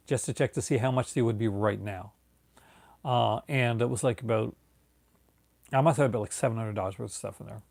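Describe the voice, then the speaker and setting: Tired, gravelly man chatting on video. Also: medium pitch, a little mellow, no room sound. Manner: rambling, many fillers and restarts. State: tired, yawning. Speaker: video host. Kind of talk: casual late-night video chat.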